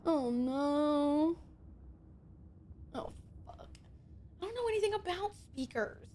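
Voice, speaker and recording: A woman streamer chatting casually with her viewers, excitable and swearing a lot, with loud outbursts. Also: extremely high pitch, measured pace, long pauses. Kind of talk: casual live-stream chat.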